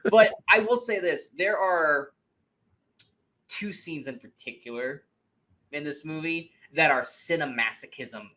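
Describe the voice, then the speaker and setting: Bright-voiced, animated, cursing man. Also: a little high, measured pace. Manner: animated and profane, acting out scenes in mocking voices. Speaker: movie review podcast co-host. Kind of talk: casual chat.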